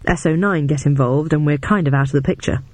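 A man's voice: a little high, no room sound, natural voice. A male narrator voicing a frank, wry young woman detective with a raised voice. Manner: questioning, frank, quick.

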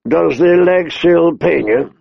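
A gruff, hard-drinking king who barks his orders, voiced higher than the reader's own tone, as a man puts him on. The voice carries a gravelly edge. It comes through a dull, dry lo-fi recording. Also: takes it slowly, no echo, heavily acted. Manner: blustering, barking commands. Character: gruff, hard-drinking middle-aged king, quick to roar.

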